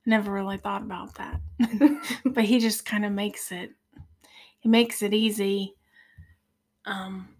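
A woman in her forties, a podcast guest, telling a personal faith testimony in an earnest, soft-spoken way that sometimes drops almost to a whisper. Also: medium pitch, steady tone, slow pace, pauses often. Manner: earnest, tearful at moments.

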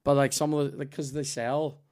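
A man, hosting a podcast and telling animated, sweary stories in casual chat. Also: medium pitch, brisk. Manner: animated, sweary, acts out voices in his stories. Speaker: podcast host.

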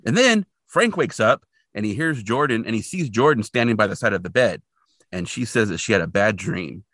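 Animated low-voiced man recapping an episode. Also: fairly quick, no room sound, studio quality. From Portland, Oregon resident since 2003. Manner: rambling, lively retelling with fillers. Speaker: podcast co-host. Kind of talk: casual episode recap chat.

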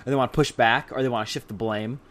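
A man's voice: mid-range voice, fairly even intonation, very fast, a bit bright. A man in casual Christian podcast talk, explaining points and checking in with his listener. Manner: explanatory, frequent "right?" check-ins.

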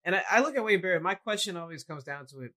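A man's voice: sits high, animated, rapid-fire, sharp tone, poor audio. A man co-hosting a casual wrestling discussion, giving opinionated, rambling takes and shrugging points off. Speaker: podcast co-host.

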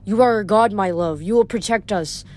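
A woman voicing a gentle, loving mortal mother in a storybook reading, speaking softly. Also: medium pitch, normal speed, slight background noise, close to an everyday voice. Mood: tender. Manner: soft, gentle.

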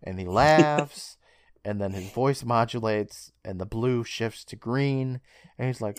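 A man co-hosting a casual podcast, retelling a show's scenes with quick character lines and frequent laughs. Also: medium pitch, clean tone, dry recording, clean studio sound. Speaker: podcast co-host. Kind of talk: casual recap chat.

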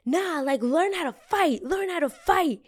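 A woman's voice: very high-pitched, expressive, unhurried, pitched above the performer's own voice. A woman quoting a confrontational young woman in a blunt, insistent way while telling a story.

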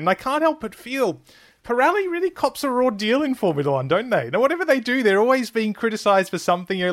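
A man hosting a podcast in casual conversation, talking in a measured, steady way. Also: high voice, no room sound, clean studio sound. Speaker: podcast host.

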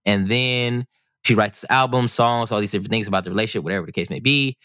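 A man co-hosting a casual podcast, talking in an animated, rambling way with many restarts and fillers. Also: lowish voice, quick pace, smooth, no echo, clean studio sound. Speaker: podcast co-host.

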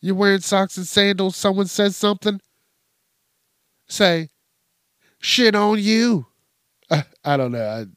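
A man's voice: high-pitched, lively intonation, a little slow, long pauses, fairly bright tone, clear, resonant tone, dry recording, studio quality. A man hosting a podcast, ranting crudely and swearing constantly, laughing at his own jokes. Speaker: podcast host. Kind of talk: profane comedic rant.

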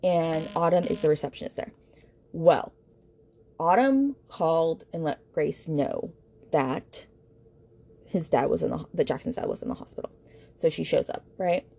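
A woman's voice: deep voice, animated, normal speed, creaky, long pauses, mellow. A woman hosting a book podcast, recapping a novel's plot in a chatty, blunt way and quoting the characters' lines. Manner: chatty, blunt, retelling scenes with quoted dialogue.

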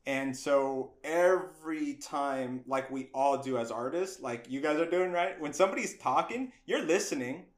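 A middle-aged man with a slightly high voice tells stories as a guest on a casual interview podcast. He is animated and acts out the lines of the people in his stories. The recording has a roomy echo around the voice. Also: moderate pace, few pauses.

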